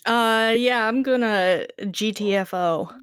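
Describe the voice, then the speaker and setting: A woman's voice: fairly high pitch, slow, clean tone, dry recording. A woman playing a tabletop game who speaks hesitantly and giggles often. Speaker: player. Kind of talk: casual play.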